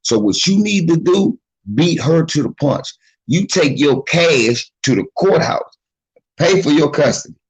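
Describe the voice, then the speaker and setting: A man talks casually in a slightly husky, breathy voice, handing out blunt, profane, streetwise advice. His pitch moves around a lot, climbing and dropping as he slips into quick impressions of the people he is describing. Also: lively intonation, low-quality recording. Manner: acts out quoted voices of others. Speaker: commentator giving advice. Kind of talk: casual monologue.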